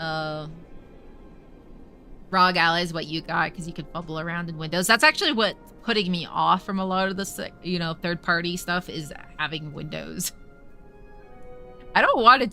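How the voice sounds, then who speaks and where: Woman streamer rambling to chat, lowish voice but bright and forceful, swears a lot. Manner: chatty, swears casually, thinks aloud. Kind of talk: casual live-stream chat with viewers.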